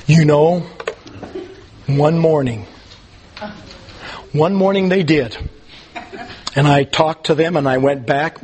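A man teaching a Bible class in a casual, rambling way, with frequent ums and restarts. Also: on the high side.

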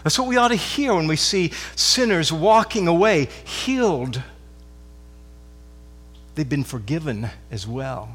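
A high-pitched man preaching to his church congregation. He is fervent and repetitive, restarting words as he presses his points and dropping from loud declarations to near-hushed intensity. His voice rings with the long reverb of a large hall. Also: expressive, measured pace, pauses often, slightly rough. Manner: fervent, repeats phrases, stammered restarts, swings from loud to hushed. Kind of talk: sermon.

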